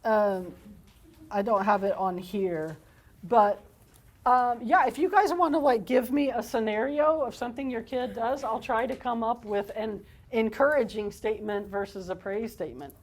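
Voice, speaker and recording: A woman's voice: on the high side, moderate pace. A woman counselor and parent trainer giving a parenting workshop talk, speaking conversationally and often checking in with "okay?".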